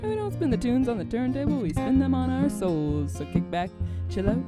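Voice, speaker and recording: A woman's voice: a little high, sing-song, brisk. A woman hosting a live show, announcing in a playful old-time radio style and teasing her father. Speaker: host. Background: loud live country music.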